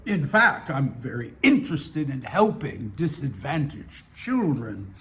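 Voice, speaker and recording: A man's voice: mid-range voice, sing-song, measured pace, fairly bright tone. A man voicing a lonely seventy-six-year-old man who talks in a hesitant, self-justifying way. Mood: wheedling. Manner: hesitant, wheedling, protests too much.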